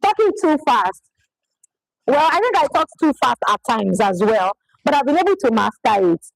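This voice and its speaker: A woman's voice: on the high side, sing-song, moderate pace, vocal fry, no echo, rough recording. A woman giving a live public speaking workshop, talking emphatically and often repeating phrases for effect. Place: presentation venue in Lagos.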